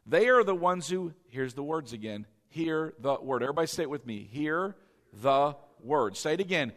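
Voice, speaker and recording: A fairly high-voiced male pastor preaching in a church sanctuary, with long reverb trailing each phrase. He leans on repetition and keeps checking in with the congregation through questions. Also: animated, brisk, a bit bright. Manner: repeats key words and asks the congregation questions. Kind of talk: sermon.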